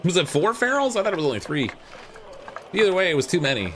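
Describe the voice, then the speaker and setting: Male streamer, casual gameplay chatter, animated intonation. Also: sits high, fast talker, background noise. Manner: chatty, rambling, self-deprecating. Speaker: gaming streamer. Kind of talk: live gameplay commentary. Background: loud game music.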